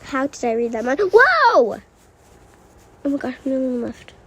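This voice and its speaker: Excitable high-pitched gaming YouTuber woman. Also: a little slow, slight background noise. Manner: excitable, exclaiming often. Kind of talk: gameplay commentary.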